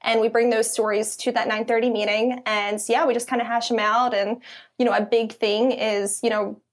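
A young woman with a Philadelphia accent appears as a guest content editor in a casual interview, her talk full of ums and you-knows. Her voice is on the high side with little pitch movement and a moderate pace.

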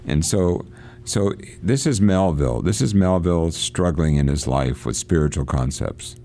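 Low, mellow man reading aloud. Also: expressive, vocal fry. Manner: reads quoted passages aloud, halting with restarts. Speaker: radio host reading and discussing a novel. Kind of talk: casual reading and discussion on radio. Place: church.

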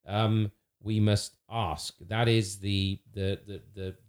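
A man with a fairly low voice speaks earnestly in a relaxed theological conversation. He restarts phrases and uses fillers as he thinks aloud. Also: takes it slowly.

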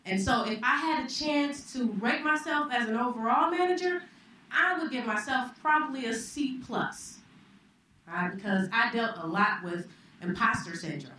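Woman storyteller, live slam, conversational, slightly high, echoey far-off hall sound. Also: bright, forceful tone. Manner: conversational, reflective, with pauses and restarts. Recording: echoey hall, distant mic, faint noise.

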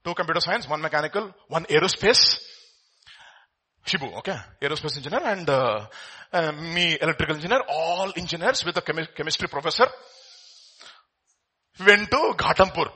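A man from India preaching a sermon, his delivery swinging between loud, emphatic bursts and quiet, hushed asides. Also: fairly high pitch, animated, brisk, breathy edge.

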